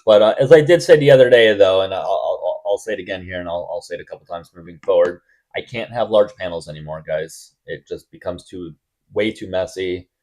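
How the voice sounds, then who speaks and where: A man hosting a live stream debate, blunt and testy, quick to cut callers off. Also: low voice, a little mellow.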